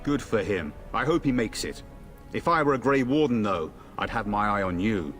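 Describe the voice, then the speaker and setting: An actor voicing a cheerful young noble knight, a joking older brother heading off to war. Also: male voice, fairly low pitch, lively intonation, normal speed, fairly bright tone, soft background music. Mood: jovial. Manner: jovial, teasing.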